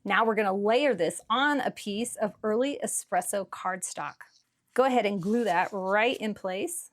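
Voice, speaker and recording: A woman's voice: medium pitch, unhurried. Friendly woman host walking viewers through a craft project, mid-range voice, casual fillers. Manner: chatty and encouraging, with frequent fillers. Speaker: card-making channel host. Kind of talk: relaxed craft tutorial.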